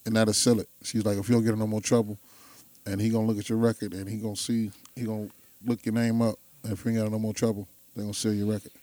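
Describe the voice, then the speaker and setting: A man's voice: fairly low pitch, fast talker, few pauses, no room sound. A man telling stories in a casual chat, acting out the people in them. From Chicago. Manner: animated storyteller, acts out voices.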